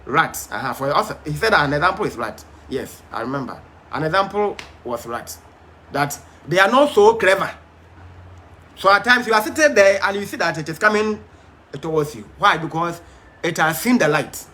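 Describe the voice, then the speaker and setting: A man's voice: on the high side, expressive, moderate pace, bright, forceful tone. A man teaching a Bible study, emphatic but hesitant, with frequent fillers and restarts.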